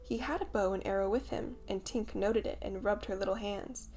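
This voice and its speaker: A woman narrating a classic children's storybook in a measured, expressive reading. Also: mid-range voice, slight background noise. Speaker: audiobook narrator.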